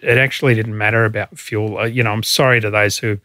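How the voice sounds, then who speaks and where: A man's voice: on the low side, fairly even intonation, fast, pushed and bright, no echo. Earnest Australian man, dry close sound. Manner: earnest, emotional storytelling, frequent fillers. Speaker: former fire commissioner. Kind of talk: interview answers.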